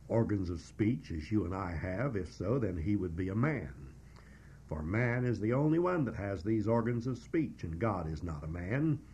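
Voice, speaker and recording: A man preaching a verse-by-verse Bible exposition, teaching in a measured, emphatic way with frequent "uh" pauses. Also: low-pitched, dark tone, slight background noise. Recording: dull lo-fi recording.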